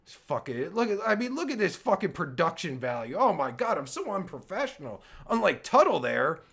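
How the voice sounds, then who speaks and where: A man's voice: high voice, very animated, normal speed, creaky, fairly bright tone, breathy edge. A man hosting his own livestream, reacting to a clip in an exasperated, sarcastic and stammering rant. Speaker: podcast host reacting to a clip.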